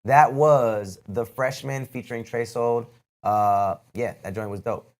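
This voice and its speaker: A man hosting a live music review show, giving blunt, casual critiques in relaxed slang. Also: medium pitch, measured pace. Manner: blunt, laid-back slang.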